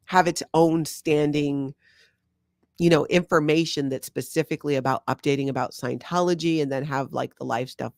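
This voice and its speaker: A woman's voice: low voice, no echo, clean studio sound. Chatty Hawaiian-accented woman on a livestream. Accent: Hawaiian with a slight Minnesotan tinge. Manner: chatty, laughs often, animated. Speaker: host reading live chat. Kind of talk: casual livestream chat.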